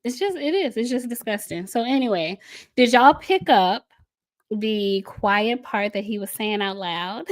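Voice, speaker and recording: A woman's voice: on the high side, normal speed. Impassioned, scornful woman. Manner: impassioned, scornful, laughs often. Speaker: podcast host. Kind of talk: casual commentary.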